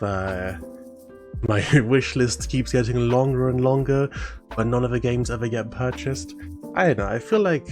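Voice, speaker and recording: A man's voice: mid-range voice, a little mellow. A man chatting casually as a streamer while playing a modded game, wry and talkative. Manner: wry, chatty, mildly indignant asides. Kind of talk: casual live-stream chat over gameplay.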